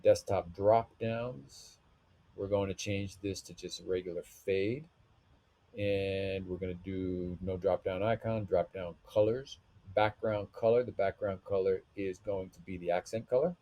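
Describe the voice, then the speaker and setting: A man's voice: low-pitched, level tone, normal speed, warm tone. A man narrating a screen-recorded web design tutorial, thinking aloud as he clicks through menus and settings.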